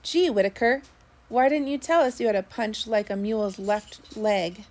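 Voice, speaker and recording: A woman's voice: a little high, normal speed, a little mellow, close to an everyday voice. A woman doing a teasing young sailor. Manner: teasing, grinning.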